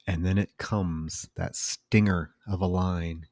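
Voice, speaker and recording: A man's voice: sits low, steady tone, unhurried, hardly any pauses, a little mellow, no room sound. Male podcaster with a dry voice. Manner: recounting scenes, casual swearing. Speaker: podcast co-host. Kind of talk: casual film discussion.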